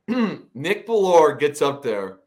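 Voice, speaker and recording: A man's voice: fairly high pitch, very animated, very slow, darkish tone. A man hosting a podcast, chatting loosely and setting up a guest's story. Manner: loose, with many fillers, leading into a guest's story. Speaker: podcast host. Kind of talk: casual chat.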